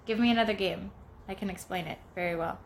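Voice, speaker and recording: A young woman vlogging at home, chatting casually and telling goofy stories in a playful, animated way. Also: mid-range voice, fast talker, slight background noise. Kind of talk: casual chat, playful storytelling.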